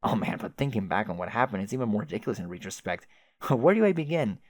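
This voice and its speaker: A man's voice: fairly low pitch, very animated, quick pace, no room sound. A man voicing a chatty, oblivious young male adventurer who rambles with old-fashioned folksy exclamations. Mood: rambling.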